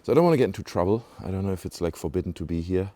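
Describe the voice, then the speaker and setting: A man's voice: sits low, animated, very fast, mellow, no room sound. A man with a British-sounding accent, chatting casually to viewers as he walks around a village outdoors, rambling with many asides and fillers, recorded on a handheld camera. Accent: British-sounding English. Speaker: vlogger. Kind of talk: casual walking vlog commentary. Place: outdoors in a small rural village. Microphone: handheld camera mic while walking.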